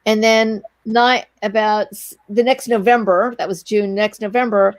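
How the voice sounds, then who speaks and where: Speaking at a medium pitch and an unhurried pace, a middle-aged businesswoman guest shares a long anecdote in an informal interview. Animated and breathless, she acts out other people's quoted lines, and the recording has no room sound.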